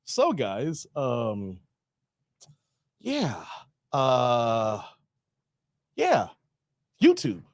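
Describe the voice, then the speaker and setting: A man's voice: mid-range voice, huge pitch swings, drawn-out words, long pauses, no room sound, studio quality, voice pushed down, exaggerated voice. A man putting on a socially awkward streamer who hesitates and fills his talk with ums and uhs. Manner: hesitant, mumbling with many fillers. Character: nervous, socially awkward young male streamer.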